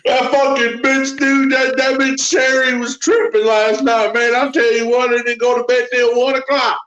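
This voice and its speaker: A man's voice: very high-pitched, little pitch movement, moderate pace, a bit bright, highs cut off, voice pushed up. A griping factory worker with a coarse, complaining way of talking, as a man puts him on. The voice is pushed up well above his own. It is heard in a roomy, echoing space. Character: grumbling middle-aged male factory worker.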